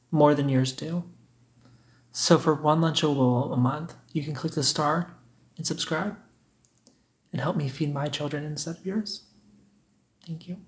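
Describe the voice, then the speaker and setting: A young man, hosting a casual livestream, reading chat comments aloud and teasing viewers in a joking way. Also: fairly high pitch.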